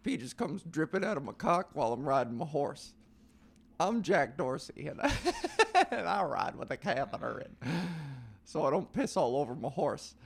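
A folksy, drawling cowboy man brags crudely in a slightly deep, easygoing voice, as a comedian puts him on. The drawl is loose and self-satisfied, like a tall tale told out loud. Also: very animated, normal speed, creaky, exaggerated voice. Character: drawling good-old-boy cowboy man.

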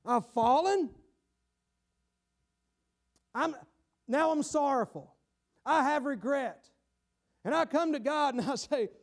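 Speaking slowly and pausing often, a man with a very high voice preaches theatrically, playing the part of a guilty sinner and now and then raising his voice to a shout.

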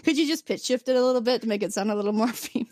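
A woman in casual chat, retelling an episode with lively storytelling and laughing often. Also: on the high side, rapid-fire, no room sound, studio quality. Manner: animated storytelling, acting out characters' lines. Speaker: podcast co-host.

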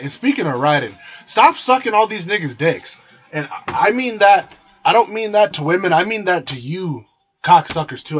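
A man's voice: high voice, expressive, fairly quick, slightly rough. A young man from San Jose ranting bluntly and crudely on a podcast, swearing constantly and sounding exasperated. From San Jose, California. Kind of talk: profane ranting monologue. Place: small room with the door partly closed. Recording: dull lo-fi sound.

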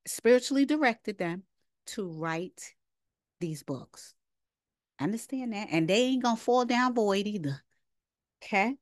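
A woman's voice: medium pitch, no echo, clean studio sound. A woman teaching a casual scripture lesson, reading verses aloud and then commenting directly to her listeners. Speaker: Bible study teacher.

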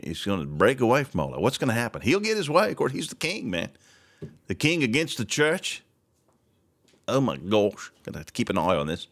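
Man, talk-show host, casual commentary, deep-ish voice, animated pitch, rambling news reading. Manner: rambling, reads news aloud with asides.

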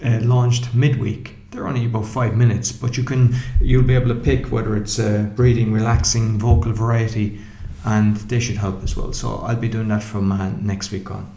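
A man's voice: lowish voice, little pitch movement, moderate pace, warm tone. A man hosting a podcast interview, speaking with frequent hesitations. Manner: hesitant, many "uh" fillers. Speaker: podcast host.

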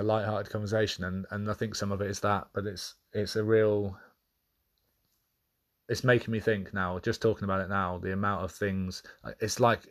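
A man hosting a podcast, talking through a personal monologue in a candid, thoughtful way that halts and restarts as he searches for words. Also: low voice. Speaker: podcast host.

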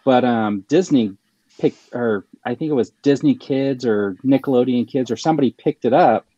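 A man's voice: mid-range voice, moderate pace, dark tone, husky, no room sound. A man hosting a casual chat, rambling with many fillers and restarts. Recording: slightly dull lo-fi sound.

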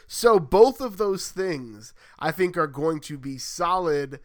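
A man's voice: on the high side, animated, slow pace. A man in his thirties co-hosting a sports podcast, with wry, dry humor in casual chat. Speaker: podcast co-host.

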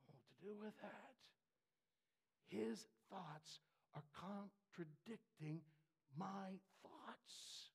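Slow, gravelly-voiced male preacher. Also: high-pitched. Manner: impassioned, swings from hushed whispers to shouts; halting, repeats words as he builds. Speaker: pastor. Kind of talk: sermon. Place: church with a screen for the congregation.

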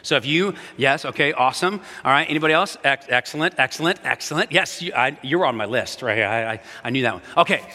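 A male pastor giving a lively, playful sermon, talking straight to his congregation in a church and a little out of breath. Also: medium pitch, fast talker, few pauses. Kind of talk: energetic sermon. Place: church sanctuary. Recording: long hall reverb with faint music.

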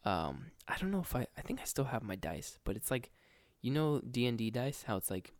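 A man's voice: mid-range voice, big pitch swings, brisk, no echo, studio quality. A man co-hosting a podcast, talking in a laid-back, slangy way with many hesitations. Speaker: podcast co-host. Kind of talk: casual chat.

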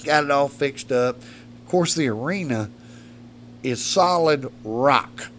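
This podcast guest has a medium-pitched, expressive, slightly bright voice and speaks slowly, with a little hiss or hum in the background. He tells rowdy, profane stories and laughs partway through them.

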